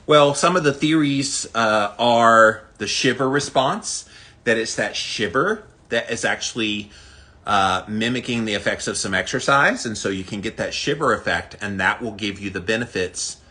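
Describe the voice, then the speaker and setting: A man's voice: on the low side, sharp tone, rough recording. A man vlogging casually from an outdoor ice bath, upbeat and chatty, asking his viewers rhetorical questions. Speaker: health vlogger. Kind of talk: casual talk to camera while sitting in an ice bath.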